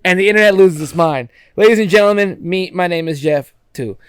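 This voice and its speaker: A young man with a slightly higher voice chats on a podcast, getting excited and swearing casually as he hypes things up. His voice is close on the mic and the sound is dry. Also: brisk, clear, resonant tone, no echo. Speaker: podcast co-host. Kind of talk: casual chat.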